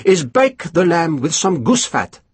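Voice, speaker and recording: A stubborn, grudging army cook who insists on his own way, doggedly and indignantly, as a man reads him out. The voice is a little husky and sits close and dry. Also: sits high, lively intonation, normal speed, no room sound, pitched above the performer's own voice.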